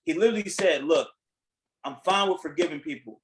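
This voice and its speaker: A man hosting a podcast in casual chat, retelling a reality show in a blunt, animated way, acting out what people said and swearing freely. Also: sits high, fairly quick, rough recording. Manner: animated storytelling, acting out quotes. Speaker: podcast host.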